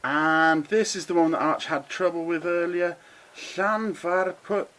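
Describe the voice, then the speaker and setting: A middle-aged man hosting a casual lesson, chatty and encouraging, who slows right down to sound out words with care. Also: a little high, level tone, a bit bright, poor audio. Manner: chatty, encouraging, drawn-out careful pronunciations. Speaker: model railway channel host. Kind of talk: casual explainer to camera.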